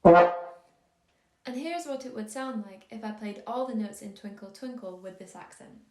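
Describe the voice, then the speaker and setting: A woman giving a scripted music theory lesson, explaining in a calm, measured, clearly paced way. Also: mid-range voice. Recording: roomy echo on the voice.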